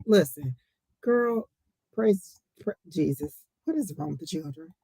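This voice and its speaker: A woman's voice: low-pitched, normal speed, vocal fry, warm tone, breathy edge, dry recording. A woman hosting a live psychic reading stream, speaking emphatically, repeating phrases for effect and breaking into chatty asides to her viewers. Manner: chatty asides, exclaims to the Lord. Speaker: psychic reader and livestream host.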